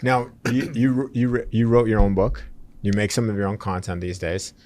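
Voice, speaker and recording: A man hosting an interview, asking relaxed, curious questions. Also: on the low side, moderate pace. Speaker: podcast host. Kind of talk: casual interview.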